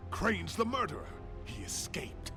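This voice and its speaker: An actor playing a wealthy, arrogant aristocrat in a game, talking in a haughty, condescending way. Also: male voice, fairly high pitch, very animated, measured pace. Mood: sneering. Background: game music.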